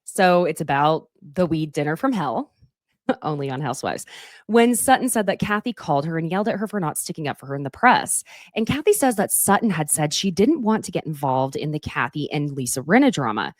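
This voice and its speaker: A woman's voice: sits low, big pitch swings, brisk, no room sound, studio quality. A woman chatting casually as she recaps a reality show, gushing and often laughing. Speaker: recap host.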